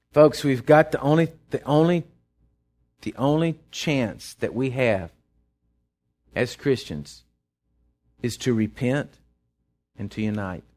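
A man's voice: mid-range voice, slow, long pauses, darkish tone. A man, a pastor preaching a sermon in a conversational way, retelling scripture and often restarting his sentences. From Texas.

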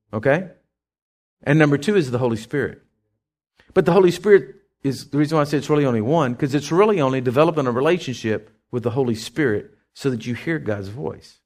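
A middle-aged male pastor preaching a sermon in a folksy, conversational way, with asides and questions to the congregation. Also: mid-range voice.

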